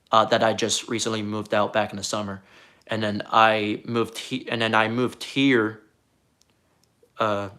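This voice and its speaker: Man, live-stream chat, rambling, halting, repeated words, middle pitch. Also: a bit bright, clean tone. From Puerto Rico. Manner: defensive, earnest.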